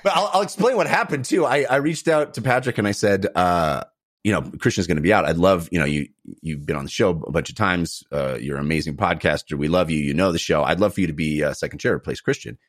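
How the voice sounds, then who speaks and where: A man's voice: low voice, animated, fast. A man hosting a games podcast, joking and rambling through casual chat and segment introductions. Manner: jokey, rambling, warm segment reads. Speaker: podcast host.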